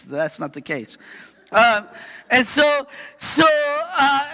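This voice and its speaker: A man's voice: sits high, bright, forceful tone. A man preaching a sermon in a chatty storytelling way, often checking in with the congregation. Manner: chatty storytelling, keeps asking "right?". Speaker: pastor. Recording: long reverb of a hall.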